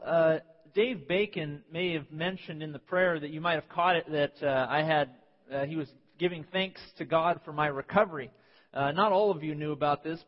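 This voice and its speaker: A man pastor preaching a sermon, telling personal stories with animated voices and sudden yelps. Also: fairly high pitch. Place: church sanctuary. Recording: dull sound with long church reverb.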